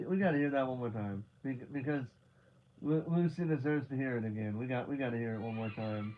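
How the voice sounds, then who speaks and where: Slangy excitable man on dull stream audio. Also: medium pitch, fairly quick, a little hiss or hum. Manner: excitable, swears casually, bursts into loud laughing reactions; talks in slangy "dude, bro" asides with restarts. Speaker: watch-along reviewer. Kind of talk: live watch-along commentary.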